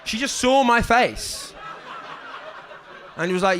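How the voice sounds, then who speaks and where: A young man doing a stand-up set on a club stage, with a halting deadpan delivery full of ums and restarts. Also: sits high, slight background noise. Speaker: stand-up comedian. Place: comedy club stage with audience. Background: audience laughter.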